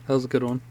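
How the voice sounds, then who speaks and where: A man's voice: medium pitch, dark tone. A man co-hosting a podcast, joking and laughing in casual chat. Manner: teasing, quick to laugh. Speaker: podcast co-host.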